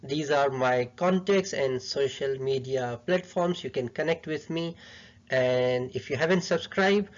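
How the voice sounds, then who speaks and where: A man's voice: mid-range voice, a little slow. A man who is not a native English speaker teaching a pronunciation lesson, coaching patiently and repeating his points. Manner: patient, repetitive coaching, non-native phrasing. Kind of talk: instructional lesson. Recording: dull lo-fi sound.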